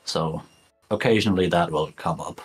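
Husky low-voiced man running a game. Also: normal speed. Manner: laid-back, swears casually, laughs often. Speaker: game master. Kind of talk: casual chat introducing players.

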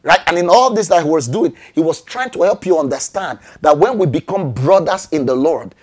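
A male pastor preaching a sermon emphatically, asking rhetorical questions and jumping high in pitch on exclamations. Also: lively intonation, fairly quick, darkish tone, husky.

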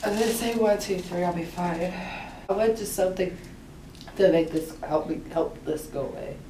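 A woman's voice: fairly low pitch, normal speed. A young woman with a congested, stuffy voice from a cold, chatting casually and sounding whiny about feeling sick. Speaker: vlogger's girlfriend. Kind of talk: casual chat. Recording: roomy, distant, faint background noise.

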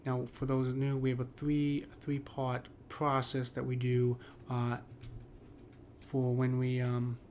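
A man explains poetic meter in an even, level voice that barely rises or falls. He talks casually, pausing on ums and correcting himself mid-phrase. A faint hiss of noise sits under the recording. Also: medium pitch. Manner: halting, many ums and restarts. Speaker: poetry teacher.

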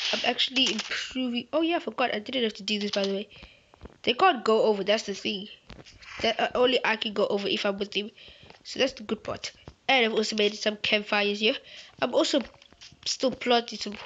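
A woman host giving rambling, playful, chatty commentary while she plays a game. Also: medium pitch. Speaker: gaming channel host. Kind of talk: gameplay commentary. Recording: slightly muffled with faint hiss.

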